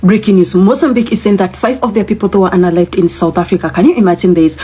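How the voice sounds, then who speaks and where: A woman's voice: medium pitch, fairly even intonation, fast, warm tone, slightly rough. A woman presenting breaking news in a concerned, critical tone.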